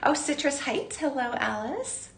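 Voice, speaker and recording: A woman's voice: high voice, very animated, measured pace, a bit bright. Chatty woman hosting a beading class. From Southern California. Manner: chatty, upbeat, greets viewers by name. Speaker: jewelry-making class host. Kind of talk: live-streamed craft class chat. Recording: roomy echo.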